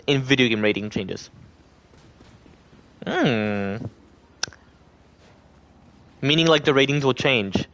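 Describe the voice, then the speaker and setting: A male livestreamer with a mid-range, expressive, slightly bright voice talks slowly and pauses often. He rambles loosely to his chat, moving from thought to thought and voicing what others might say.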